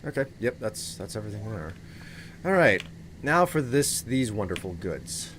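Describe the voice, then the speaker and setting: A man's voice: on the low side, very animated, moderate pace, a bit bright, a little hiss or hum. A man streaming a game live, chatting casually and thinking aloud as he plays. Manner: casual, rambling, thinking aloud while playing. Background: game music.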